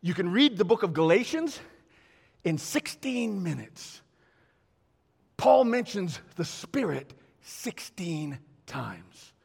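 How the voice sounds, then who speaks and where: A man preaching a sermon in a church, animated and exhorting, with call-and-response asides to the congregation. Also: high-pitched, vocal fry, husky. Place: church sanctuary. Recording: long reverb of a large hall.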